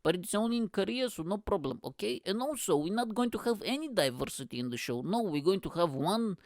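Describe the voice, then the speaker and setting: A man's voice: high-pitched, animated, fairly quick, dry recording. A man putting on a smug spokesman with a fake Russian accent. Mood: smug boasting. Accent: put-on Russian. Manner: smug, sly, mock-formal. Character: boastful male Korean spokesman, smug adult.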